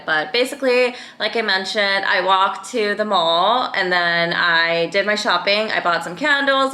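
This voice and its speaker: A young woman chats into the camera, retelling her day with plenty of fillers and animated turns. Her voice is bright and carries a clear ring. The room around her sounds echoey. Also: medium pitch. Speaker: vlogger. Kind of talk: casual vlog storytelling.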